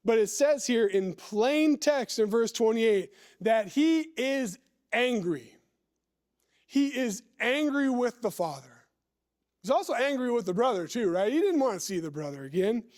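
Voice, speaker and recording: Slow high-voiced male preacher. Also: animated, darkish tone. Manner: deliberate, stretches words, asks the listeners questions. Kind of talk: sermon with scripture reading. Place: church.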